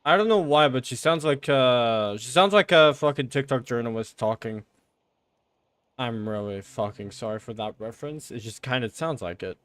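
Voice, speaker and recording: A man streaming a game, giving casual commentary with sarcastic remarks, frequent swearing and excitable outbursts. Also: medium pitch, normal speed, clear, resonant tone, no echo.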